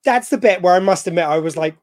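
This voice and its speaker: A man's voice: high-pitched, quick pace, no room sound. A British man co-hosting a podcast, chatting and joking with rambling asides. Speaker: podcast co-host. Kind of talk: casual chat.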